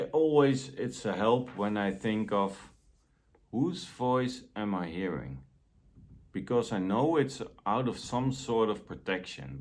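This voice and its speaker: A man giving a motivational self-help talk in a gentle, deliberate way. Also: fairly low pitch.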